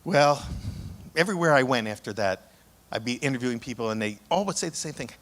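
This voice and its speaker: Author guy telling a story at a talk, mid-pitch voice, chatty, trips over words a bit. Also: fast. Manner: lively anecdotal storytelling with small restarts.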